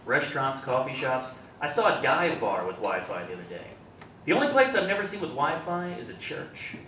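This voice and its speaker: A man in his twenties doing a stand-up comedy set with a wry, deadpan delivery, stumbling over quick restarts. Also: mid-range voice, recorded from a distance. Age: 20s. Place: comedy club stage. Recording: echoey club heard from afar with loud room noise. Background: audience laughter.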